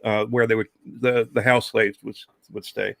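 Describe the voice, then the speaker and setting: A man's voice: lowish voice, flat delivery, normal speed, vocal fry, fairly bright tone, dry recording, studio quality. A man telling a long personal ghost story in a casual, rambling way, with many fillers.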